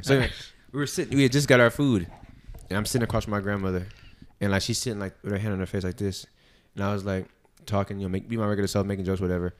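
A man on a casual podcast who talks quickly in a low voice. He tells stories with slang and plenty of fillers. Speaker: podcast co-host. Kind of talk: casual chat.

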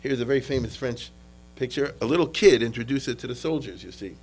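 Man, history lecturer, classroom lecture, animated, acts out quotes, stumbles and restarts. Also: mid-range voice, quick pace, low-quality recording. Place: lecture room with students.

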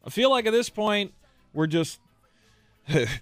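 A man's voice: sits high, lively intonation, slow pace, dry recording, soft background music. A man co-hosting a sports talk show, telling stories in a chatty way and laughing often. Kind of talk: casual podcast banter.

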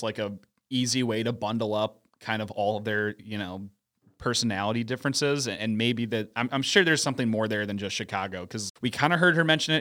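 A man's voice: medium pitch, bright, forceful tone. A man from St. Louis co-hosting a podcast, talking casually in long rambling turns full of restarts. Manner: rambling, lots of restarts and hedging fillers. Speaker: podcast co-host.

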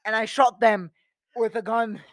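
A person putting on a British accent to play a man jailed over a tea shortage, telling it deadpan. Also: medium pitch, unhurried, dry recording, studio quality, lightly acted. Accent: British, put on. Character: British man who punched a cashier, now in jail.

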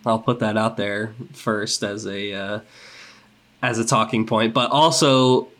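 A man's voice: lowish voice, fairly even intonation, a little slow, a bit bright. A young man with a congested voice hosting a casual podcast, rambling and upbeat with plenty of fillers. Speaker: podcast host.

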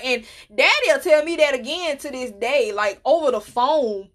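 A young adult woman hosting a podcast, telling personal stories in a casual, animated and playful way, often laughing. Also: on the high side, moderate pace, few pauses. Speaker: podcast host. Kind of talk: casual storytelling monologue.

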